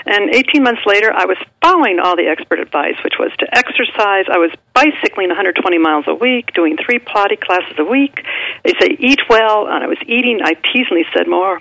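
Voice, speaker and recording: Woman, about sixty, radio guest author; gravelly, lively storyteller, dry close sound. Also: medium pitch, no room sound, low-quality recording. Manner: lively storyteller, acts out quoted speech. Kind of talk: radio interview, personal storytelling.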